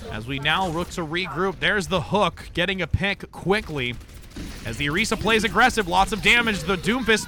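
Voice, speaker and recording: A man's voice: on the high side, sharp tone. A young man calling a video game live in a radio-announcer style, getting hyped as the action builds. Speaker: streamer and game caster. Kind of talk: live game play-by-play commentary.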